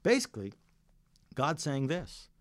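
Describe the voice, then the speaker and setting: A man's voice: fairly high pitch, wildly swooping pitch, unhurried, no echo, clean studio sound. A middle-aged man preaching a sermon as pastor, earnest and full of stories. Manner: earnest, storytelling preacher who varies his delivery.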